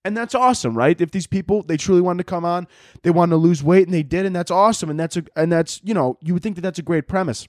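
A man's voice: high-pitched, fast talker, a little mellow, no room sound, studio quality. A young man hosting a podcast, ranting in a casual comedic monologue, laughing often, swearing and mocking people in quoted voices. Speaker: podcast host.

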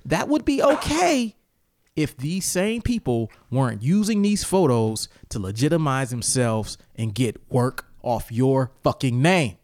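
In a clean studio recording with no room sound, a man with a mid-range voice and measured pace hosts a casual ranting chat. His storytelling is animated and profane, punctuated by heated outbursts.

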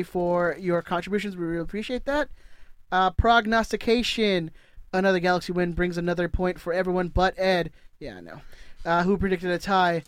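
A man's voice: high-pitched, clean tone, no echo. A man co-hosting a casual sports podcast, joking with friends and reading out listener emails. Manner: relaxed, jokey, reads out listener emails. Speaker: podcast co-host.

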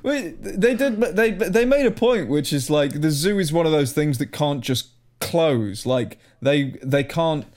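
A man's voice: fairly high pitch, expressive, unhurried, few pauses, a little mellow. A young man hosting a casual chat, recounting odd news stories with stumbling restarts and laughs.

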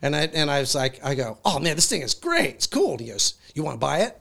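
Guest, male, rambling excitable storyteller, slightly high voice. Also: fast, creaky. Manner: excitable, rambling, many restarts. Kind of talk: casual storytelling.

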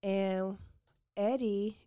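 A woman hosts a casual podcast, walking her co-host through a true-crime case in a loose, conversational way. Her voice sits at an ordinary middle pitch, and she drops into quick voiced-out quotes of the people in the story. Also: smooth. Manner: chatty, animated retelling with acted quotes.

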